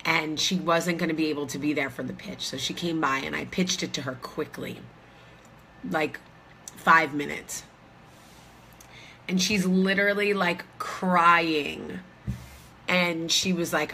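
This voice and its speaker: A woman's voice: sits low, fairly even intonation, unhurried, pauses often, bright, forceful tone, a little hiss or hum. A woman, in her thirties, chatting casually and rambling to viewers from a hotel room, with lots of fillers. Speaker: vlogger host.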